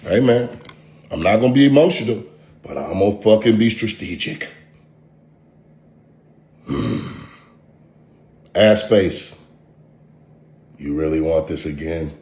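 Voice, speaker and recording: A man's voice: low-pitched, expressive, moderate pace, pauses often, a little mellow. A man, an online content creator, delivering a profane, taunting vlog rant full of repeated insults. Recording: roomy echo.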